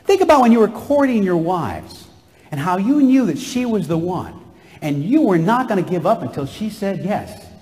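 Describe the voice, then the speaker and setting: A man's voice: sits high, sing-song, moderate pace, darkish tone. A man giving an enthusiastic keynote speech, encouraging the audience directly. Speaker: motivational speaker. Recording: live hall with long reverb.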